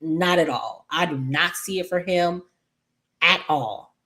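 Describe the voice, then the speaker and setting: Sassy low-voiced woman recapping soaps. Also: a little slow. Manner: chatty, animated, sassy asides to viewers. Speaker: soap opera recap host. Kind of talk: casual episode recap.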